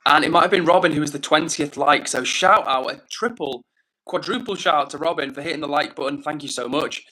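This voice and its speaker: A man's voice: fairly high pitch, fairly quick, sharp tone. Upbeat young male streamer. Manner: upbeat, chatty, reads chat aloud with slang. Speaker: livestreamer. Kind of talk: casual live-stream chat.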